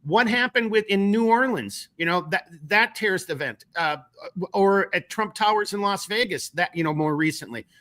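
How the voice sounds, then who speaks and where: A man's voice: high-pitched, animated, moderate pace, bright, forceful tone. A man with a Minnesotan accent hosting a casual political podcast, rambling with many restarts and casual swearing. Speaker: podcast host.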